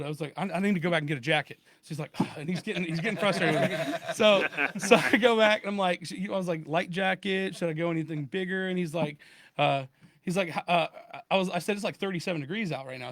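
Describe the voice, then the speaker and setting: Brief: quick, high-pitched male podcast co-host, animated storyteller, dry close sound. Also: dry recording. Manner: animated storyteller acting out both sides of a phone call. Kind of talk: casual storytelling chat.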